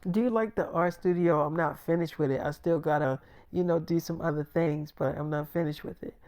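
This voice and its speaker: A man's voice: fairly high pitch, fairly even intonation, a little fast, a little mellow, smooth, natural voice. An eager, chatty young wife rambling hopefully in a casual everyday voice, as a man quotes her in a story. Nothing is put on much.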